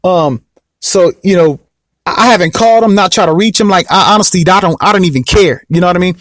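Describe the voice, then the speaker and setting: A man's voice: high-pitched, quick pace, fairly bright tone, no echo, studio quality. A young man casually telling a personal story to the camera, rambling and repeating himself and often asking whether you know what he means. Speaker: vlog host.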